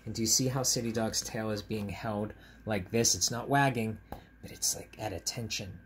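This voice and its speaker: A man, a teacher, reading a picture book aloud to children at home on camera, in a gentle, chatty way, stopping to point out the pictures. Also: on the low side, steady tone, normal speed, a little hiss or hum.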